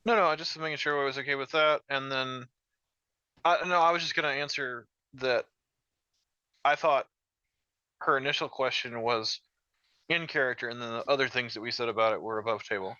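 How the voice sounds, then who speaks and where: Player guy being earnest, smooth bright voice, dull dry mic. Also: mid-range voice, brisk, long pauses, dry recording. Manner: earnest, uses many fillers. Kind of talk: casual out-of-character table talk.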